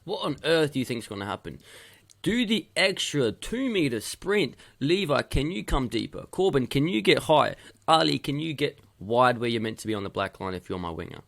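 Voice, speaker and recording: A man's voice: mid-range voice, big pitch swings, normal speed, vocal fry, fairly bright tone. A male youth football coach giving stern feedback on match video, hammering his points home by repeating them.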